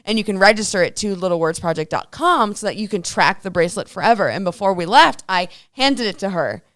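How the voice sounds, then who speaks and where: A young woman co-hosts a casual live stream, speaking in a smooth, resonant voice over a dry, close sound. She tells stories with animation and slips into the voices of the people she quotes. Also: medium pitch, a little fast, no room sound. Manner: animated storyteller acting out quoted dialogue. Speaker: co-host. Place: hotel room.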